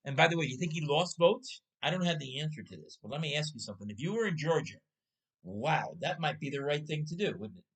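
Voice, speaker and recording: A man's voice: a little high, animated, fast, husky, poor audio. A man in his sixties hosting a casual talk show, telling stories and putting rhetorical questions to his listener. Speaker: podcast host. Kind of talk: casual storytelling chat.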